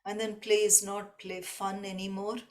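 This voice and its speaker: A woman teaching a devotional class, explaining slowly and reflectively and often repeating a point in new words. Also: medium pitch, little pitch movement. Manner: slow, reflective, gently repetitive explanation. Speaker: spiritual teacher.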